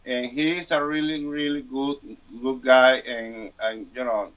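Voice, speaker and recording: A man's voice: medium pitch, steady tone, a bit bright. Hesitant man with muffled call audio. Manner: halting, hesitant, many fillers. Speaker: guest. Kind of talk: casual chat over video call.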